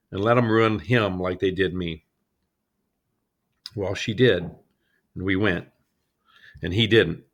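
Low, gravelly-voiced man preaching. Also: a bit bright. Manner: earnest, personal storytelling. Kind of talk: sermon.

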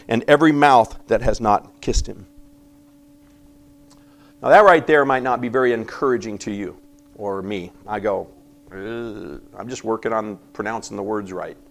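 A man preaching a sermon, reading scripture aloud and acting out the voices in it, swinging from loud emphasis to quiet asides. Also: medium pitch. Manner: animated preaching, acting out biblical voices with sudden quiet drops. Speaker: pastor.

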